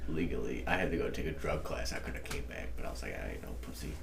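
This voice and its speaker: A man's voice: rumbling low, expressive, fast, vocal fry. A man trading crude, laughing banter in casual podcast chat. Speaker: podcast co-host. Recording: roomy, distant mic with faint noise.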